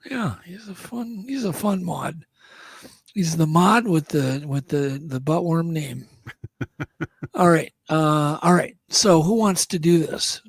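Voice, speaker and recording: A man's voice: on the high side, takes it slowly, gravelly, breathy edge, no room sound. A man co-hosting a casual talk radio show, chatty and laughing often, fighting a cough from a cold. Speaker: co-host.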